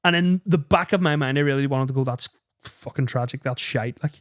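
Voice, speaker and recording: A young man hosting a podcast, telling stories in an animated way and swearing freely. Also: mid-range voice, fairly quick. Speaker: podcast host and radio presenter. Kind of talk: casual chat.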